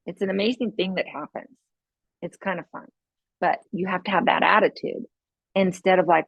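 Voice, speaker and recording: A middle-aged woman hosts a podcast with chatty, casual parenting advice, laughing often and acting out little scenes. Her mid-range voice is animated and creaky at a normal speed. The sound is dry, dull, and lo-fi with no echo.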